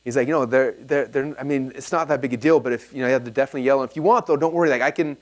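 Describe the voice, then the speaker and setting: A man in his thirties giving an energetic seminar talk, telling anecdotes and acting out both sides of the dialogue. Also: medium pitch. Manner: fast, animated storytelling, acts out dialogue. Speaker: speaker at a live seminar.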